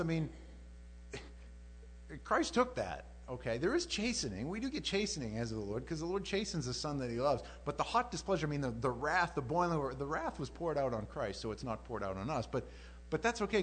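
Man, informal Bible teaching, lively up-and-down delivery, acts out scripture, soft hum behind. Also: on the high side. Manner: animated, acts out scripture, chuckles. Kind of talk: informal sermon, verse-by-verse teaching.

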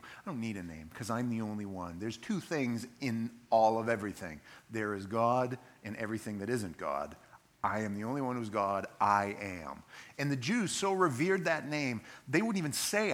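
A man preaching a sermon, telling a Bible story in an animated way and acting out its scenes as he goes. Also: mid-range voice, moderate pace.

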